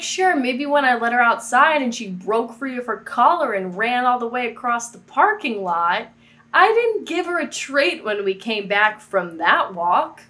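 A woman's voice: a little high, bright, forceful tone. A woman hosting a faith vlog from her apartment, chatting casually with jokey, playful asides. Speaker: faith video host.

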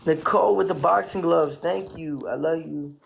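A man's voice: a little high, normal speed, gravelly, slight background noise. A man streaming live, thanking viewers for their gifts in laid-back casual chatter. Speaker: livestreamer.

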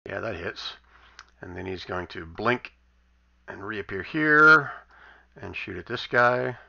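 A man's voice: lowish voice, animated, takes it slowly, vocal fry, sharp tone. A man running a tabletop game online as game master, wry and amused as he narrates the monsters' turns. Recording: dull lo-fi voice chat audio.

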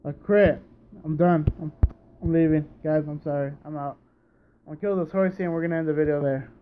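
A man's voice: fairly high pitch, fairly even intonation, fairly quick, phone-quality sound, slight background noise. A man giving casual gameplay commentary, sleepy and yawning, groaning in frustration at misses and repeating himself. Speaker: let's play gamer. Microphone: home recording setup.

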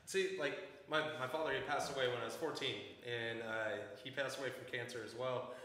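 A man's voice: medium pitch, steady tone, brisk, sharp tone. A man talking as a podcast guest in a casual, earnest, reflective way, filling his talk with "like.". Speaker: hair stylist guest. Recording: echoey room with long reverb.

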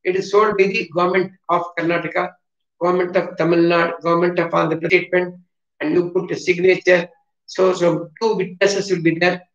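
A man with a South Indian English accent runs a brisk vocabulary lesson at a classroom board, spelling each word out letter by letter and repeating himself. His high-pitched voice is a bit bright with little pitch movement, and the recording comes across roomy, distant, and dull.

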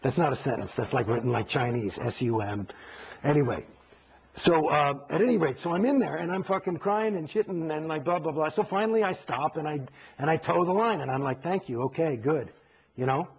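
Gravelly, husky man, profane and animated interview storyteller, dull lo-fi recording. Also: fairly high pitch, brisk, slight background noise. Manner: profane, animated, acts out quoted exchanges.

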